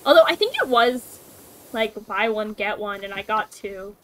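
A woman's voice: medium pitch, lively intonation, moderate pace, a bit bright, a little hiss or hum, poor audio. A young woman streamer chatting casually and swearing freely while gaming. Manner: chatty, swearing, laughs often.

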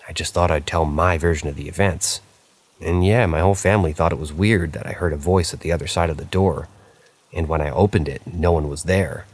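A man narrating true paranormal stories aloud, reading in a plain, unhurried way with small slips. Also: sits low. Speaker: story narrator.

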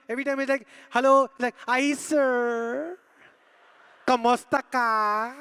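A man doing an animated stand-up comedy set on a live stage, hyping the crowd and acting out little scenes. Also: extremely high pitch, smooth.

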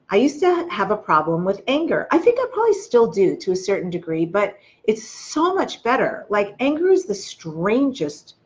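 A woman's voice: medium pitch, muffled recording. A woman hosting a spiritual self-help video, talking earnestly to her viewers and coaching them through their feelings. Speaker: host. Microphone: webcam or phone video.

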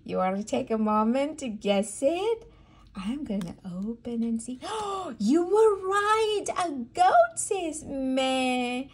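A woman's voice: high-pitched, darkish tone. A woman reading a barn animal book aloud to a toddler, in a sing-song way with animal sounds. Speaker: storybook reader for toddlers. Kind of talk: read-aloud for babies.

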